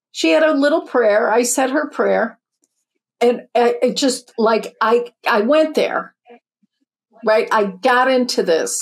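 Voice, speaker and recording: Recounting her story in an interview, a spiritual teacher and author aged fifty or older speaks in a slightly high voice. She's chatty and earnest, with many restarts.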